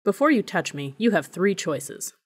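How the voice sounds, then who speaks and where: A woman reading the part of a teenage boy who speaks calmly and deliberately while facing bullies. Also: lowish voice, lightly acted. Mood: calm defiant. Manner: deliberate, steady. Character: teenage boy, calm and defiant.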